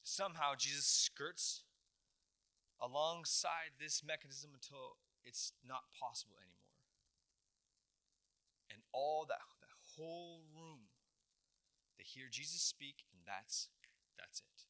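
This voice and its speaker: A man's voice: fairly high pitch, takes it slowly, pauses often, bright, forceful tone. A man, a pastor, preaching a sermon, retelling a story dramatically with emphatic repetitions.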